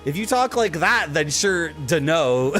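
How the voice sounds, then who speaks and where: A man streaming a game, ranting in a casual, animated way and greeting his chat. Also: sits high, unhurried. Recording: faint music behind.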